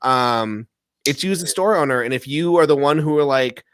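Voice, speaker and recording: A man's voice: mid-range voice, moderate pace, a bit bright, clear, resonant tone, no echo, studio quality. A man hosting a casual live show, telling stories animatedly, acting out quotes and laughing often. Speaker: podcast host. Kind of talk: casual live-stream chat.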